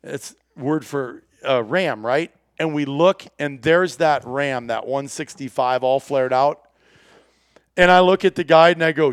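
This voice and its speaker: A man telling a hunting story in lively, animated fashion, acting out the dialogue and laughing often. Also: medium pitch, a little slow, clean tone, no echo, studio quality.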